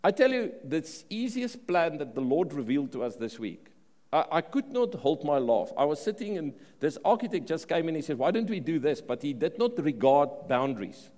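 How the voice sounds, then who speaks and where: A man with a South African accent preaching a sermon in an animated way, often repeating words and restarting phrases. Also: fairly high pitch, moderate pace. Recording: long reverb of a large hall.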